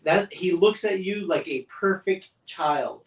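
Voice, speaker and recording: A man's voice: high voice, animated, slow pace, echoey room, far from the mic, poor audio. A man co-hosting a faith discussion podcast, talking earnestly and fervently with many restarts. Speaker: podcast co-host.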